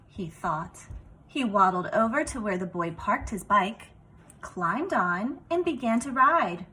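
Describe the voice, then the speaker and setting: A woman reading a picture book aloud to children, expressive and talking to them directly. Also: medium pitch, slow, rough recording. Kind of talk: children's story read-aloud.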